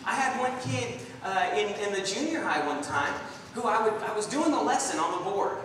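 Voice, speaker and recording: A young man preaching a sermon in a church, telling stories in an animated way and acting out the voices in them. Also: high voice, normal speed. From Southern California. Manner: animated storytelling, acts out voices in anecdotes. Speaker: guest preacher. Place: church sanctuary. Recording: distant, echoey hall recording with faint noise.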